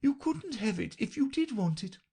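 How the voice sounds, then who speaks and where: A woman reading an audiobook, voicing a flustered, untidy, melancholy queen in a high, plaintive voice. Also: sing-song, normal speed, warm tone, husky, exaggerated voice.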